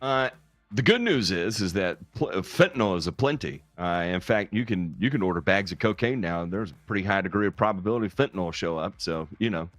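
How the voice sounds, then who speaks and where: Lively bright-voiced man co-hosting. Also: sits low, a little fast, no room sound, faint music behind. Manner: laughs often, swears freely. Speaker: podcast co-host. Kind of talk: casual banter.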